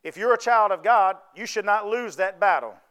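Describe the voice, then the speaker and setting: A man's voice: high voice, normal speed, a bit bright, clean tone. A man preaching a sermon, folksy and conversational, often asking the congregation to answer back.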